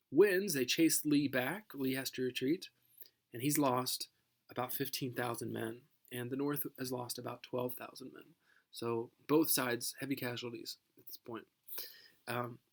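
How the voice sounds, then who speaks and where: A man gives a history lesson in an easy, conversational voice, often stopping on fillers and starting his sentences over. His voice sits at an ordinary middle pitch, neither deep nor high. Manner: conversational with many fillers and restarts; reads a famous speech aloud in a measured voice. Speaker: teacher. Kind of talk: recorded history lecture.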